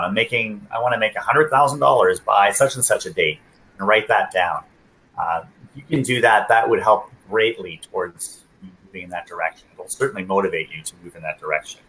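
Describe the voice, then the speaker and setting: A man's voice: fairly low pitch, a bit bright, poor audio. A man giving advice in a live online coaching session, hesitant, with many fillers and restarts.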